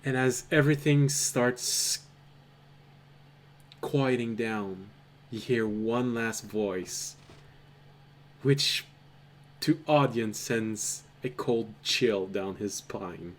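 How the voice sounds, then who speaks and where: A man runs a tabletop game, narrating a scene in an unhurried, drawn-out way. His voice sits at an ordinary middle pitch, and his storytelling is measured and dramatic. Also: a little hiss or hum. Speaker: game master.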